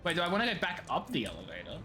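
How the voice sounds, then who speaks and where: Very animated streamer guy. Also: on the high side, rapid-fire, over music. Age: 20s. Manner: excitable, laughs often, rambling restarts. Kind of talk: casual gameplay chat.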